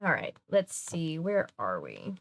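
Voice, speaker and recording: A woman's voice: sits low, wildly swooping pitch, measured pace, vocal fry. Chatty woman streamer reading aloud. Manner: chatty, reacts to chat, reads aloud. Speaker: streamer reading a mystery book. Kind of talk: casual livestream chat and reading aloud.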